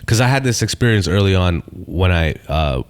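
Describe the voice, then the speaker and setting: A man with a very low, deep voice, chatting casually on a podcast. He tells stories loosely and profanely, with plenty of animated energy as he talks. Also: normal speed, clean tone. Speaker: stand-up comedian, podcast guest.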